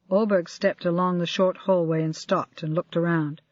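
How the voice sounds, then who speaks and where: An audiobook narrator reading a crime novel in an even, measured way. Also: medium pitch, no echo. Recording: dry, slightly dull lo-fi audio.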